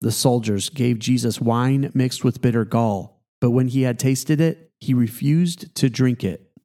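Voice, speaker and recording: A man, a pastor, reading scripture aloud in a steady, measured way. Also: mid-range voice.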